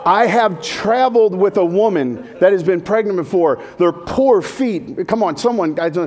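A man's voice: sits high, animated, normal speed, a little mellow. A male pastor giving a humorous sermon, talking in a jokey, conversational way and putting questions to the congregation.

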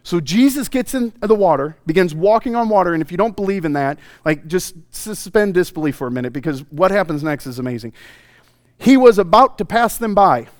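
A male pastor preaching a sermon, telling stories with animated swings from loud bursts to hushed, intimate passages. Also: high voice, fairly quick, no room sound, clean studio sound.

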